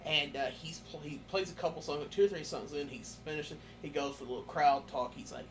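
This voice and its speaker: Excitable man telling concert stories. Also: a little high, quick pace, hardly any pauses, slight background noise. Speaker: podcast host. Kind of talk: casual podcast chat.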